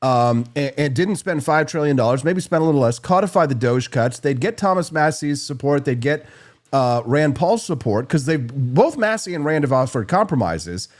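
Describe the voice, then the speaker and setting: A man hosting a live political talk show, with a fairly high voice that swings widely up and down. He comes across as animated and opinionated, with a jokey edge. He is from Missouri. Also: moderate pace.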